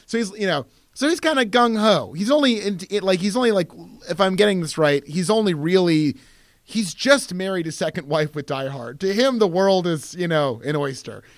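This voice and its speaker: A man's voice: high voice, normal speed, dry recording, clean studio sound. A man co-hosting a podcast, chatting casually and jokingly about films, with plenty of swearing. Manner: animated, joking, profane. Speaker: podcast co-host.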